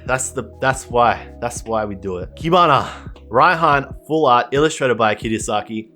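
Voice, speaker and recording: A man giving pack-opening commentary, gushing and excitable, repeating his catchphrases. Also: mid-range voice, a little slow, soft background music. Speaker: card collector opening packs.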